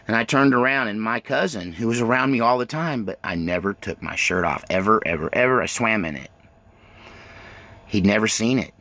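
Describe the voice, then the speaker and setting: A man's voice: lowish voice, moderate pace, fairly bright tone. A middle-aged man telling his own life story in a rambling, self-interrupting way, full of fillers and restarts. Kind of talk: autobiographical storytelling.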